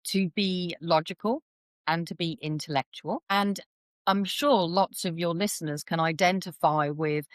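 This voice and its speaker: Chatty woman, low and dry. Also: a little slow, no echo. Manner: chatty, animated, acts out quoted voices. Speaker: intuitive reader, podcast guest. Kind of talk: conversational interview explanation.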